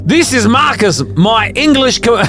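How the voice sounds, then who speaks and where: A man voicing a blunt male police inspector in a put-on Australian accent, pitched up. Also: animated, a little slow, a bit bright, faint music behind, exaggerated voice. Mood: brash.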